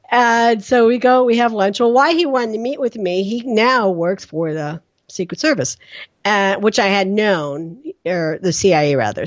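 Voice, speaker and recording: A middle-aged woman speaking as a guest on a podcast, animated and storytelling, acting out her quoted lines with laughter. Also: fairly low pitch, no room sound. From Pennsylvania, US. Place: her home office. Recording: dry, slightly dull sound.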